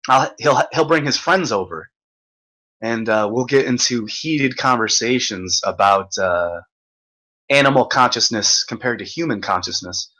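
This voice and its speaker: Host type: man with a bright, forceful voice, rambling and stumbling through a casual rant. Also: mid-range voice, low-quality recording. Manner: rambling, halting, laughs often. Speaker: podcast host.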